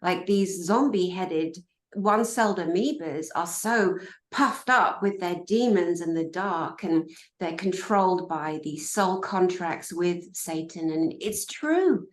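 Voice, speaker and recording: A woman hosting a casual talk, animated and scornful as she rambles. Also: lowish voice, slow, reverberant. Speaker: host. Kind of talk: casual chat.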